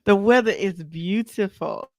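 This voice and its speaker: A sleepy woman co-hosting a live talk show, giving short relaxed replies and laughing easily. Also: mid-range voice, unhurried, no room sound, studio quality. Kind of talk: casual live-stream chat.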